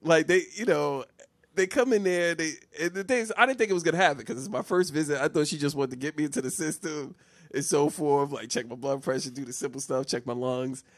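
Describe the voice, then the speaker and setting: A podcast co-host tells a comic personal story, laughing a lot and restarting his sentences. His voice is a little high and brisk, with no room sound.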